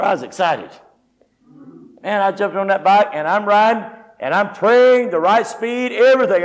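Male preacher, high-pitched, folksy animated testimony. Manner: folksy, animated storytelling with quoted speech. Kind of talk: sermon testimony storytelling.

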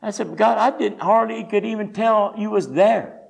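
A man preaching, telling a folksy, animated personal story with quoted speech. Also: high voice, normal speed, creaky. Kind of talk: sermon testimony storytelling.

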